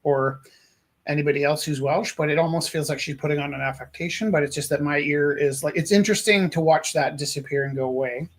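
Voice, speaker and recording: A man's voice: on the high side, fast talker. A man chatting casually while making art on a live stream, musing aloud and poking fun at himself. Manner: musing, rambling, self-deprecating.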